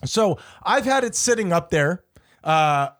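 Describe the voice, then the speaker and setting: A man with a high voice that swoops all over the place. He runs mock-serious quiz bits and teases his co-host sarcastically, with playful banter throughout. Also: very animated, a little slow, a bit bright. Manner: teasing, mock-serious quiz-master delivery; sarcastic ribbing. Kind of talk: joking banter between co-hosts.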